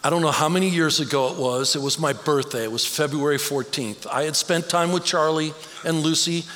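Bright-voiced man preaching in a reverberant hall. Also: on the high side, a little fast. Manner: conversational, storytelling, emotional at times. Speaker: guest speaker at a church. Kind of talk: personal sermon talk. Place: church sanctuary. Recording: church hall reverb, faint ambience.

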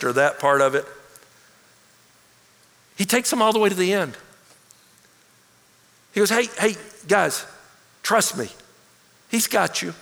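A man preaching a sermon as pastor, animated and acting out quoted voices. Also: high voice, normal speed, vocal fry, long pauses. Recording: long hall reverb.

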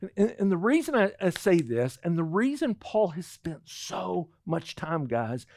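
A man's voice: high-pitched, a little slow, gravelly. A middle-aged male pastor telling a personal story in a sermon, acting out the lines of the people in it. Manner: animated storytelling, acts out quotes.

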